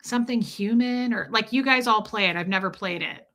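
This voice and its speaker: Brisk and sharp, her mid-range voice carries a relaxed livestream where she chats with viewers. The host spins stories freely, laughing and cursing as she goes.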